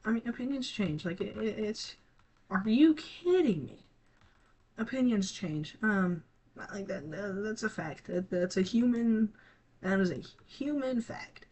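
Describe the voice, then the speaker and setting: A teenage gaming creator talking casually to viewers, halting and scattered, with many restarts and trailing thoughts. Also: mid-range voice, lively intonation, a little mellow. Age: teens. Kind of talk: casual rambling talk to viewers.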